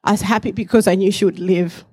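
A woman's voice: mid-range voice, steady tone, quick pace, a little mellow, breathy edge. A woman in her forties, raised in Africa, giving an earnest personal testimony to a church congregation, reflective with light laughs.

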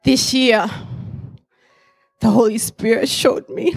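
A woman's voice: on the high side, slow pace, vocal fry, husky, soft background music. Earnest woman sharing her testimony. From Africa. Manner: earnest and reflective, with light laughs. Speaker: church speaker giving testimony. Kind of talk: personal testimony to a congregation.

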